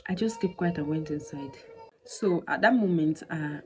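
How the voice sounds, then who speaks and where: Low-voiced woman telling a story. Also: moderate pace, slight background noise, poor audio. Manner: animated, drops into whispers for emphasis. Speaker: vlogger. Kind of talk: personal storytelling.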